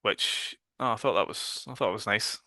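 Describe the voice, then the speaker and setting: A man's voice: lowish voice, moderate pace, bright, forceful tone, no room sound, clean studio sound. A man with a Northern Irish accent, co-hosting a casual horror podcast chat, swearing freely and loosely. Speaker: podcast co-host.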